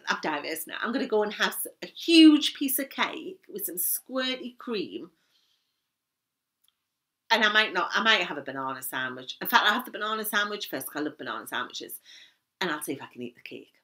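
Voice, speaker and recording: A woman's voice: mid-range voice, big pitch swings, normal speed, bright, forceful tone. A woman in her fifties with a Geordie accent, chatting casually and rambling to camera as a knitting vlogger, laughing easily.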